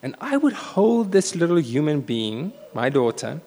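A man preaching a sermon, telling a personal story with animated swings between loud bursts and hushed asides, in a church hall. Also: fairly high pitch, measured pace. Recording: echoey hall reverb.

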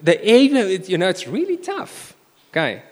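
Brief: animated male preacher, rather high voice that leaps about, long hall reverb. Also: measured pace. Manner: animated storytelling, swinging between loud bursts and hushed asides. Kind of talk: sermon with personal story.

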